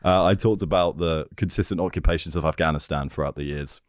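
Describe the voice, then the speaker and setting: A young man co-hosting a comedy podcast, telling animated stories with frequent laughter and sudden high-pitched impressions. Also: fast talker, no room sound, studio quality. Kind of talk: casual comedic chat.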